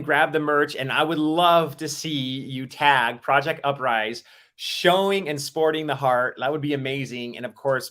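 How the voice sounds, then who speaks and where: A man with a Utah accent co-hosting an online summit on a video call, animated and self-deprecating. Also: mid-range voice. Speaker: co-host. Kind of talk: casual livestream hosting.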